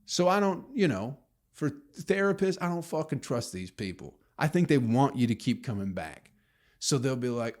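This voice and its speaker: A man's voice: mid-range voice, sing-song, normal speed, darkish tone. A man hosting his own podcast, rambling and ranting with heavy swearing and mocking impressions of people. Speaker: podcast host. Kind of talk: solo rambling podcast monologue.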